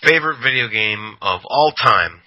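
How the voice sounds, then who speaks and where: A man's voice: medium pitch, animated, moderate pace, bright, forceful tone, low-quality recording. A man co-hosting a podcast in casual chat, joking crudely and swearing freely. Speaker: podcast co-host.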